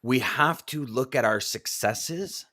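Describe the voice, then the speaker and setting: A man's voice: mid-range voice, slow, pushed and bright. A man hosting a casual live-stream chat as a coach, reading viewer comments aloud and often repeating words. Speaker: podcast host and trucking coach.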